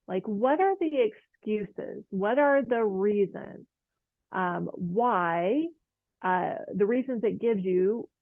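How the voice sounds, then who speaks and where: A woman's voice: medium pitch, creaky, no echo, narrow, tinny audio. A woman art teacher talking casually to camera, chatty and encouraging, with lots of fillers and light laughs. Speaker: oil painting teacher. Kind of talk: casual motivational talk to camera.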